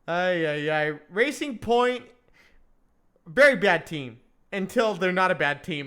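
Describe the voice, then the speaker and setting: A high, smooth male voice talking casually to his audience during a live stream. He jokes, ribs himself and laughs easily while he runs through the session. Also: lively intonation, slow, a bit bright. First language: English. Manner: chatty, joking, laughs at himself.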